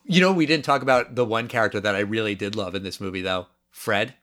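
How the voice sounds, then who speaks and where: A man co-hosting a casual movie review podcast, talking in an animated, incredulous way with quick asides. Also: lowish voice. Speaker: podcast co-host.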